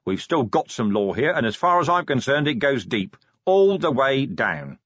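A man's voice: mid-range voice, sing-song, moderate pace, fairly bright tone, no room sound, lo-fi sound, voice pushed up. A man playing a weary, blunt middle-aged city watch commander who grumbles his lines. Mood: gruff.

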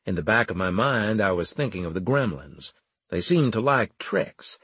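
A man narrating a first-person story in a plain, wry, steady manner. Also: lowish voice, normal speed, breathy edge, no echo. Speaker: audiobook narrator.

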